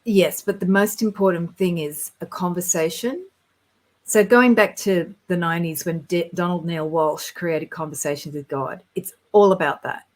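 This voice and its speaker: A woman telling of spiritual experiences in a casual conversation, earnest and rambling, and quick to get excited. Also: fairly low pitch, poor audio. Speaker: guest sharing spiritual experiences.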